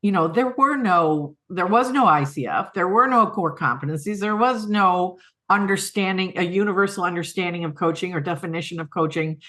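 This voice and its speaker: A woman's voice: fairly low pitch, animated, moderate pace, fairly bright tone. A middle-aged woman, a guest on a podcast, speaking in an earnest, heartfelt way and laughing often. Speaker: guest, coaching academy co-founder. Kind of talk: podcast conversation.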